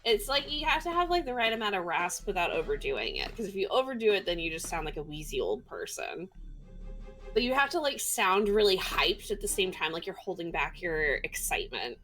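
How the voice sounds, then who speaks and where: A woman chatting alongside a gamer on stream, teasing and talkative. Her voice sits fairly low yet moves lively through its pitch range. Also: brisk, faint music behind, rough recording. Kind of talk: casual chat while gaming.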